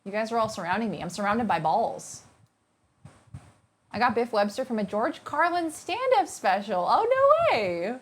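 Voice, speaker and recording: Young woman streamer, bubbly and goofy, kinda high voice, just chatting with chat. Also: expressive, normal speed. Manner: bubbly and playful, thanks chat by name. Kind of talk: casual live-stream chat.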